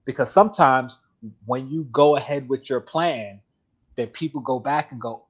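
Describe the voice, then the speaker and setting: Man, live-stream host, husky voice, rambling casual chat, dull lo-fi audio. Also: mid-range voice, moderate pace. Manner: chatty, rambling, laughs often. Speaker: host of a live collectibles show.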